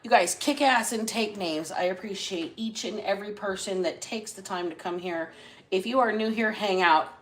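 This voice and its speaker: A woman runs a casual tarot-reading livestream, chatting bluntly and swearing freely. Her mid-range voice moves at normal speed, and the audio quality is poor.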